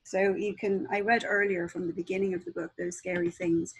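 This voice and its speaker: A woman author talking as a guest on a video call and reading aloud from her own book in a calm, measured way. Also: medium pitch, slightly rough, rough recording.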